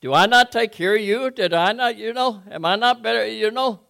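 A baffled husband, voiced high and loud by a man in the middle of a sermon. He pleads with his wife in rapid questions, and his voice stays strained and exasperated with a gravelly rasp underneath. The tone is fussy and helpless. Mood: bewildered pleading.

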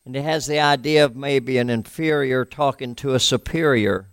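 A male pastor delivers a sermon at a middle pitch, with a gravelly edge in his voice. He talks with the congregation instead of at them, asking questions and letting his voice sink low and soft at times. The sound is dry and close to the mic. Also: normal speed, no echo.

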